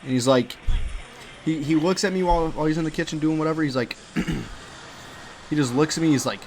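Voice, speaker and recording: A young man venting in a casual, profane rant over gameplay, his voice sitting a little high for a man. He talks in animated bursts full of slang. Faint music plays behind him. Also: moderate pace, pauses often. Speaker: gamer venting about his restaurant job.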